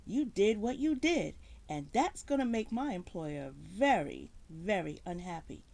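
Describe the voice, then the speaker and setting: A woman's voice: medium pitch, lively intonation, a little slow, creaky, darkish tone. A woman voicing a big, threatening male mob enforcer with clipped tough-guy talk. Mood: menacing.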